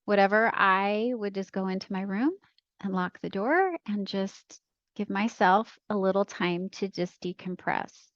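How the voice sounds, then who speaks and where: A middle-aged woman talks as a podcast guest in a casual, affirming way, often saying "right" and "you know" as she agrees. Her voice sits at a middle pitch. The sound is a little dull and muffled, as on a remote call, and the room is dry. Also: measured pace, no room sound. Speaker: podcast guest, anxiety coach. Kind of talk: casual conversation.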